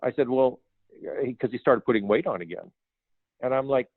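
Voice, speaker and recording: An older man, a film production designer, telling lively anecdotes in an interview and acting out the dialogue he quotes. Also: medium pitch, normal speed, no room sound. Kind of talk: storytelling interview. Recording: tinny phone line, dry.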